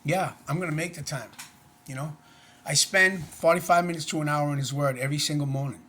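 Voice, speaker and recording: A man's voice: a little high, a little fast, sharp tone. A middle-aged man talking to camera in a casual personal vlog, earnest, plainspoken and rambling. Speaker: vlogger.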